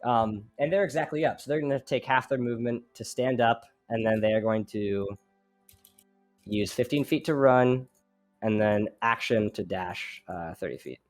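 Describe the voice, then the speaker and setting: A man's voice: mid-range voice, normal speed, soft background music. A young man narrating as dungeon master in a casual, rambling way, full of fillers. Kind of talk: narrating a tabletop game.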